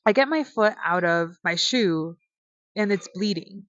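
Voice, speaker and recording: A woman's voice: medium pitch, a little slow, no echo. Slangy woman telling a storytime, lo-fi. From United States. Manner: slangy, swears casually, animated retelling. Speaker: vlogger. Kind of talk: casual storytime.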